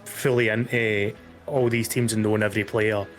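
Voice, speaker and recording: A man's voice: on the low side, moderate pace, soft background music. Easygoing Scottish man hosting a chat show. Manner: enthusiastic, relaxed, with hedging fillers. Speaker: host. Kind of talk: casual live-stream chat.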